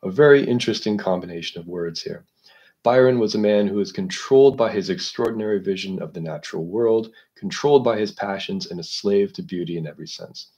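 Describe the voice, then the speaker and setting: A man hosting a literature discussion, explaining a book in a measured, analytical way while thinking aloud. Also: low voice, darkish tone.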